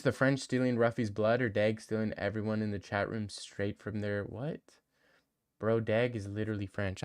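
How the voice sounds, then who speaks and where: A man's voice: mid-range voice, dry recording, studio quality. A young man, chatting casually on a live stream and answering his chat in a brash, joking way. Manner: brash, joking, swears a lot.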